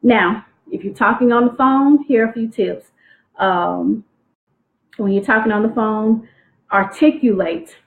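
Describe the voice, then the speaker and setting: A woman teaching teen girls on a live stream, speaking clearly and expressively. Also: fairly high pitch, unhurried. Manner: clear, articulate, expressive delivery. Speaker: youth self-esteem coach. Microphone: phone livestream. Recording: tinny phone-like livestream audio.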